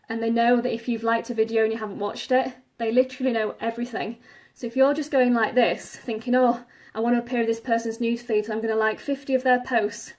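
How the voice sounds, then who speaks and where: A woman giving online business advice on a live stream, a little out of breath. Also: fairly high pitch. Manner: direct, repetitive, advice-giving. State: slightly out of breath. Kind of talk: live-stream talk to viewers.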